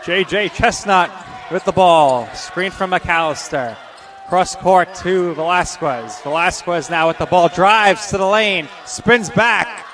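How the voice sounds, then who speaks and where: Male play-by-play announcer for a basketball game; higher, bright tone, measured pace between the calls. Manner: rapid-fire calls, bursts of excitement on scores. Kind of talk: live basketball play-by-play commentary.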